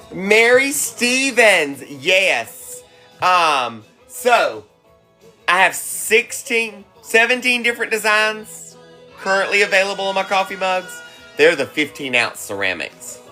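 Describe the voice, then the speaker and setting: A woman's voice: lowish voice, bright, forceful tone. A woman hosting a casual cooking livestream from home, teasing and laughing often as she chats. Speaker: cooking livestream host and mom. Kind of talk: casual live-stream chat. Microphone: phone.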